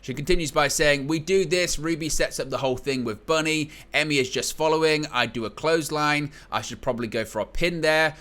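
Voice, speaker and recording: A man hosts a wrestling news commentary, his voice bright and pushing forward at a middle pitch. He reads interview quotes aloud with lively, storytelling emphasis. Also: fairly quick, hardly any pauses.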